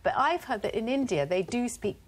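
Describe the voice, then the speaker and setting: A woman's voice: on the high side, lively intonation, fairly quick. A woman on a debate panel, chatting in a theatrical, teasing way, calling others darling. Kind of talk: casual panel chat.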